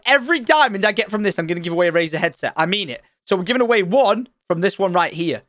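A man commentating his Minecraft let's play, excitable and loud at surprises. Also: sits high, fast, dry recording. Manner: excitable, shouts and squeals at surprises. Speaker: gaming channel host.

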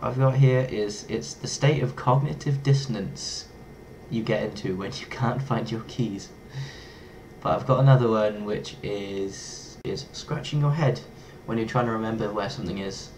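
A man's voice: lowish voice, measured pace, darkish tone, a little hiss or hum. A man casually talking to camera as a vlogger, playful and chatty, stumbling over tricky words and laughing at himself.

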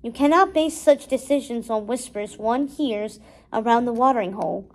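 A stern old lion father who lectures in a firm, measured voice, read aloud by a woman. The voice is on the high side, as in a storybook reading. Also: darkish tone, close to an everyday voice.

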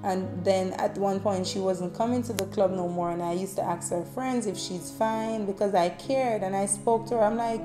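A woman with a lilt tells her story to camera in a loose, conversational way, her voice getting loud and bright at moments and dropping soft and low at others. Her voice sits in a middle register. The room around her sounds roomy and echoey, with faint music underneath. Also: normal speed. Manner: chatty, heartfelt, drifting between loud bursts and soft tones. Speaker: vlogger.

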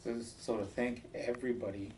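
A man's voice: mid-range voice, steady tone, fairly quick. A man in a class asking the teacher questions, a little hesitant and repeating himself. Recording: distant room mic with noise.

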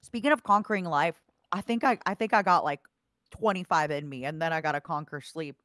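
A woman's voice: low-pitched, a little fast, fairly bright tone, dry recording, clean studio sound. A woman guesting on a casual stream chat, playful and joking. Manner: playful, jokes about eating people.

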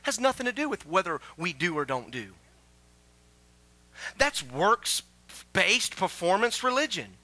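A man preaching a sermon as pastor, asking the congregation questions and building to loud exclamations. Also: sits high, sing-song, unhurried, long pauses, no echo. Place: church sanctuary.

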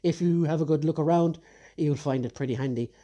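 Here a man with a warm, somewhat high voice talks fairly quickly while reviewing action figures in a relaxed countdown. His excitement shows, and he frequently backtracks to correct himself partway through sentences.

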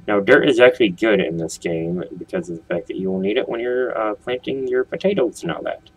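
A man with a deep, slightly husky voice gives casual gameplay commentary. He rambles from topic to topic, tossing jokes and questions at his viewers. His talk is loose and chatty. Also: brisk, few pauses, no room sound, low-quality recording. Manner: rambling, jokey, talks straight to viewers. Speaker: let's play host.

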